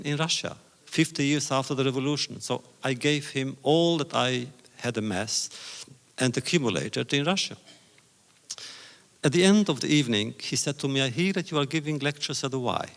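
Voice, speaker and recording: A man's voice: mid-range voice, creaky. Older man lecturing in a reverberant hall. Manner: measured, deliberate phrasing with pauses. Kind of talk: public lecture with storytelling. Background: audience laughter.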